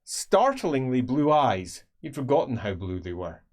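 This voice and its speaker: Man, game master, tabletop narration, hesitant, filler words, middle pitch. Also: sing-song, measured pace.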